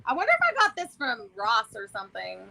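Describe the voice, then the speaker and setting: A woman with a Southern American accent, co-hosting a casual vlog chat in an animated, chatty way. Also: a little high, brisk, creaky, poor audio. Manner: animated, chatty, loud exclamations and laughs. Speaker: vlog co-host.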